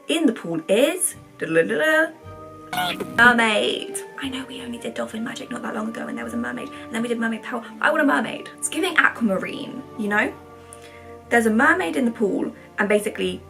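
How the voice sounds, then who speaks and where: A woman's voice: fairly high pitch, lively intonation, a little fast, gravelly, over music. A woman in her twenties, a vlogger, rambling through casual commentary in a chatty, sarcastic way. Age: 20s.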